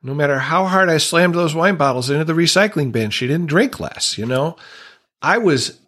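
A man's voice: a little high, lively intonation, normal speed, fairly bright tone. A man speaking as a podcast guest, earnest and reflective, candidly telling a personal recovery story and openly emotional at times.

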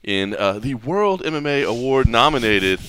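A man hosting a podcast in casual chat, lively and rambling, with plenty of fillers and restarts. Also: mid-range voice, normal speed, smooth. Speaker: podcast host. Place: hotel or venue room.

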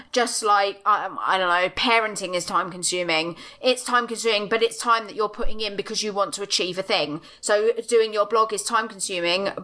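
A woman's voice: medium pitch, pushed and bright. A middle-aged woman co-hosting a podcast over a video call, ranting bluntly and with emphasis, swearing freely. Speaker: podcast co-host. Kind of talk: passionate casual rant.

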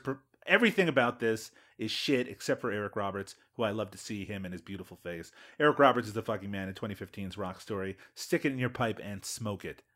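A man hosting a podcast in a playful, mock-dramatic way. His pitch swings widely as he builds up big pronouncements. He swears freely and casually. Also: expressive, fast talker, few pauses, fairly bright tone. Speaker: podcast host.

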